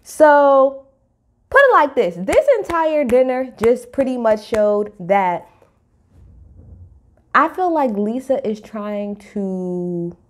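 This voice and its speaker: A woman, giving a casual, sassy reality TV recap full of animated commentary. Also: fairly high pitch, slow. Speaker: TV recap host.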